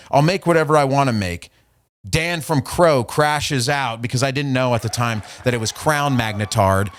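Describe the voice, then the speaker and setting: A man hosting a podcast, ranting profanely and mockingly while reading out an argument from his messages. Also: medium pitch. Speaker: podcast host. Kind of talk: casual podcast rant.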